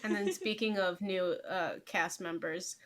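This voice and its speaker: Bright-toned woman, emphatic co-host. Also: on the low side, fairly even intonation, a little slow. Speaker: podcast co-host. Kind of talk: casual book club chat.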